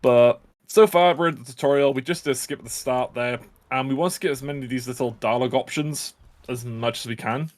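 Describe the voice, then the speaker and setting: A man's voice: mid-range voice, brisk. Jokey upbeat speedrunner guy. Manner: jokey, upbeat, self-aware. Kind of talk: casual live commentary over gameplay.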